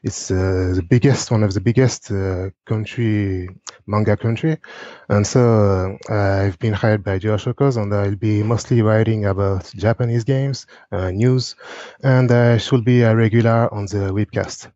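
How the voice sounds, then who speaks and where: A man's voice: lowish voice, steady tone, a little slow, dark tone, no room sound, lo-fi sound. A man from France with a French accent, co-hosting a casual podcast and talking hesitantly with lots of fillers. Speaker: podcast co-host.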